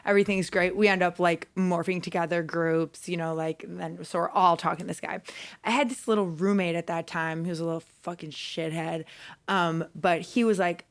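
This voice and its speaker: A woman's voice: fairly low pitch, steady tone, brisk. A woman co-hosting a podcast, telling dating stories in a casual chat, laughing often and swearing a lot. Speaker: podcast co-host.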